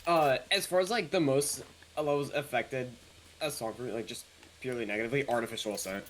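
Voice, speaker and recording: A man's voice: medium pitch, fast, fairly bright tone, slight background noise, rough recording. A man in a gaming voice chat, talking hesitantly with lots of fillers. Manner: hesitant, full of uh and like.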